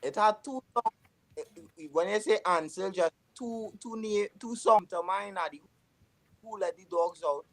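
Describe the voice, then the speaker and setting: A man's voice: sits high, measured pace. Playful Trinidadian man on a video call. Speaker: guest. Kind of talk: casual chat.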